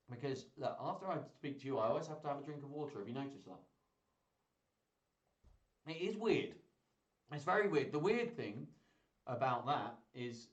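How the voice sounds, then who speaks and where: A children's entertainer hosts a live-streamed kids' singalong, chatting in a playful, chatty way. His mid-range voice sounds roomy, and the recording is muffled.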